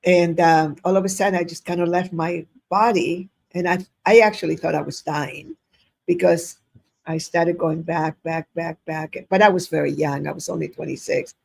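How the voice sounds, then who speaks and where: Older woman guest with a gravelly, husky voice who tells animated stories and acts out dialogue. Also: lowish voice, normal speed. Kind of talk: casual storytelling interview.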